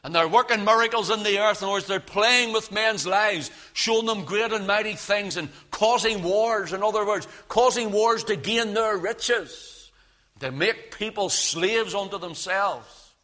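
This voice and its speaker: A man preaching a fervent sermon, swinging between hushed warnings and loud cries. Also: high voice, unhurried.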